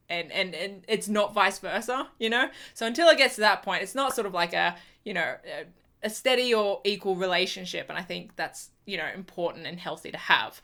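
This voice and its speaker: A woman's voice: fairly low pitch, creaky, fairly bright tone. A young woman, chatting casually about a TV episode in a review vlog, full of fillers and exasperated restarts. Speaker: TV review vlogger.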